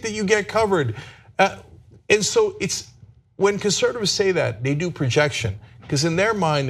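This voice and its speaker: Emphatic, animated man commentator. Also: high voice, normal speed. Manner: emphatic, animated, rising to near-shouting emphasis. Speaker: political commentary host. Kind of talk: opinionated political talk.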